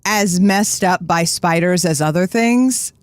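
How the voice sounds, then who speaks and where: A woman's voice: lowish voice, slow, no room sound. A woman co-hosting a casual podcast chat, playful and giggly, reading out viewer comments. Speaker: podcast co-host.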